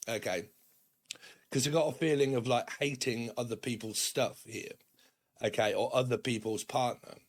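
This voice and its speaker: A British man giving a rambling, casual tarot reading to camera, tagging his points with "okay" and "right" and acting out quick quoted voices. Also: medium pitch. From Britain. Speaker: tarot reader.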